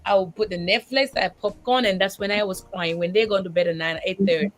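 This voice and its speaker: A woman guest sharing her life as a single mother on a faith talk show, animated and tearful, often restarting her sentences. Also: medium pitch, a little fast, faint music behind.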